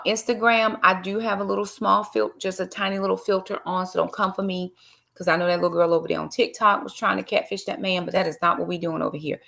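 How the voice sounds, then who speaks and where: A woman's voice: fairly low pitch, vocal fry, a bit bright. A middle-aged woman, hosting a casual live-stream devotional talk, chatty and greeting viewers by name with preachy asides. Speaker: livestream host and Bible study teacher.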